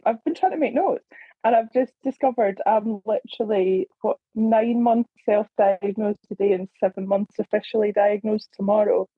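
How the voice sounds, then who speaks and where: A woman's voice: mid-range voice, normal speed, husky, no echo. Candid sweary woman, dull lo-fi sound. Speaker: community member. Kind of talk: casual podcast introduction.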